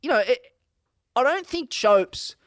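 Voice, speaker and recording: A man's voice: very high-pitched, lively intonation, a little slow, a bit bright, clean tone, no echo. A young Australian man co-hosting a podcast, trading blunt, wry banter with plenty of swearing. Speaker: podcast co-host. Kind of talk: casual chat.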